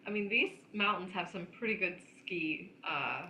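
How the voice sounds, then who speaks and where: A woman tells a family story on a podcast, chatty and quick to laugh. Her voice is bright and sharp. The room is echoey, with a faint noise behind her. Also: on the low side. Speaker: podcast co-host. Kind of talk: casual storytelling chat.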